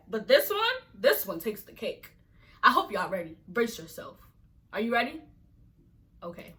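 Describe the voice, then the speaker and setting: A woman's voice: medium pitch, a bit bright. A young woman from Africa, a vlogger talking straight to camera in an exasperated, emphatic rant that sometimes drops to a whisper. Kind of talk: casual vlog rant to camera.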